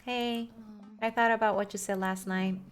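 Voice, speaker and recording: A woman's voice: mid-range voice, fairly even intonation, moderate pace, smooth, close to an everyday voice. A woman voicing a sulky teenage girl in a game, read close to her own voice. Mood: apologetic.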